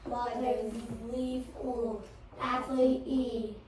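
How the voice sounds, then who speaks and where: A woman student reciting phonics words in a slow, halting way. Her voice is somewhat high and flat in pitch. The recording is very echoey, distant, and has clear background noise. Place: classroom.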